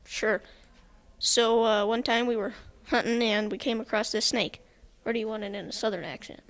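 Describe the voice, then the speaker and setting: A man's voice: sits high, steady tone, normal speed, fairly bright tone. A teenage boy being interviewed, telling a story hesitantly with many restarts.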